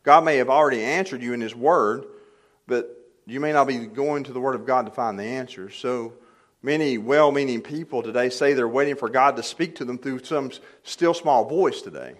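A man's voice: medium pitch, moderate pace, fairly bright tone. An older man preaching a sermon in a church, plainly conversational with light humor, rising to emphatic peaks on key points. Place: church sanctuary.

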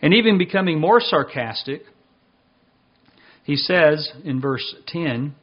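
A man preaching a sermon as pastor, reading passages and slowing down to stress his points. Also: a little high, lively intonation, muffled recording.

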